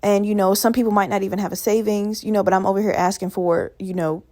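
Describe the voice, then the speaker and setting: A woman's voice: medium pitch, fairly even intonation, quick pace, darkish tone, no room sound. A young woman in her twenties from Virginia, hosting a podcast alone in a rambling, profane, chatty way. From Virginia, USA. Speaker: podcast host. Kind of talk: casual solo podcast rambling.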